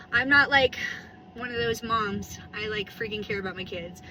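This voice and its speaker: Her mid-range voice sounds pushed and bright at a normal pace as this woman in her thirties rambles casually to her phone camera, vlogging from a parked car. The audio is poor, with slight background noise.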